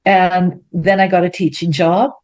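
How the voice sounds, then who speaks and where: A woman, an interview guest telling her life story in a lively way and acting out what people said. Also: lowish voice, unhurried, lo-fi sound. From Ontario, Canada. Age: 70s. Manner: animated, acts out quoted speech in a raised voice.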